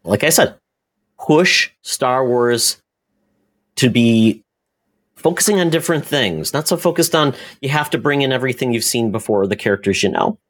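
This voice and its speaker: Halting, word-searching man on a podcast. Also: mid-range voice, lively intonation, a bit bright. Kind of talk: casual podcast chat.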